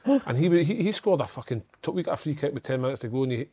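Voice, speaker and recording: A man's voice: medium pitch, expressive, rapid-fire, warm tone, husky. A Scottish man in his forties, a former footballer, telling earnest anecdotes in casual chat and swearing freely. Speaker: former footballer, podcast guest.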